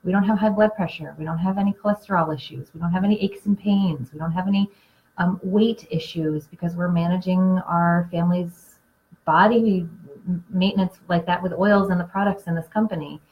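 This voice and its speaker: A woman hosting a casual live class, a chatty storyteller who gets animated telling anecdotes. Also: fairly low pitch, brisk, highs cut off. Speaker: essential oils class host and Reiki practitioner.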